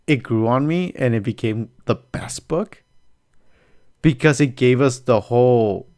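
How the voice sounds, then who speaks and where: Man, podcast host, casual chat, animated storytelling, swears a lot, mid-pitched voice. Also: unhurried.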